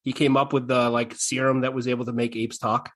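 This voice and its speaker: A man hosting a podcast in casual chat, animated as he retells scenes and reads quotes aloud. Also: medium pitch, brisk. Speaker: podcast host.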